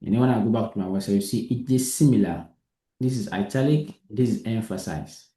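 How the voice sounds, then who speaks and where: A man runs a hands-on coding lesson, patiently explaining and asking again and again whether it is understood. His voice sits low and mellow. The room around him adds a noticeable echo. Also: fairly quick. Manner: patient, repeats himself and checks understanding. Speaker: coding teacher.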